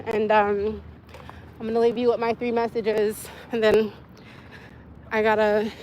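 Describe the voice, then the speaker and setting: A young woman's fairly high yet darkish voice comes across level-toned and a little slow as she livestreams casually from her phone. She rambles candidly with viewers and laughs often, over slight background noise.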